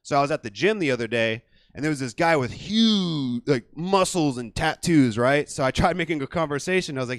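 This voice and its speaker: A man's voice: on the high side, lively intonation, brisk, few pauses, dry recording. A man hosting a stand-up comedy night with a loose, crude and rambling delivery on a small theater stage. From California. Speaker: comedy show host.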